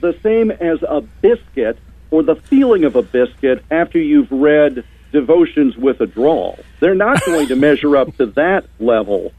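A man's voice: a little high, sing-song, measured pace, breathy edge, no echo. A man calling into a radio show as a guest commentator, giving wry, sarcastic opinions. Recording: tinny phone line.

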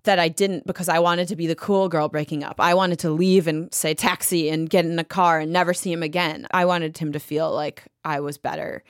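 A woman recounting a story in a casual interview, chatty and animated and full of fillers. Her voice sits a little low. The sound is dry and close to the mic. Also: brisk, few pauses, dry recording. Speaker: interview guest.

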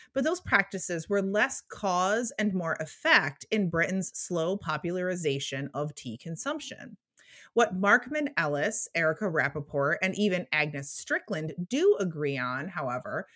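Lively-voiced woman co-hosting a history podcast. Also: fairly low pitch. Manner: reads quotes slowly and with a lilt. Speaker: podcast co-host. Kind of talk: history podcast, reading aloud.

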